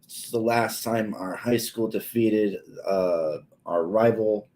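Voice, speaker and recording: A man in his twenties telling a story on a casual livestream, halting and full of pauses and filler words. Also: on the low side, a little mellow, a little hiss or hum, low-quality recording. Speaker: streamer.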